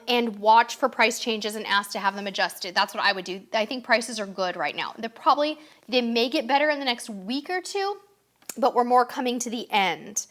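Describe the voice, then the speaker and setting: A woman's voice: on the high side, fairly bright tone. A woman hosting a casual live stream, upbeat and chatty, reading out viewers' questions and answering them. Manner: chatty, upbeat, reads comments aloud.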